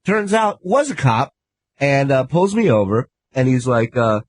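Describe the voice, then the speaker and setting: A man on a talk radio show telling a story with frequent laughs. His voice is husky and somewhat rough, at an average pitch. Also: sing-song, measured pace. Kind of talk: casual radio chat, storytelling.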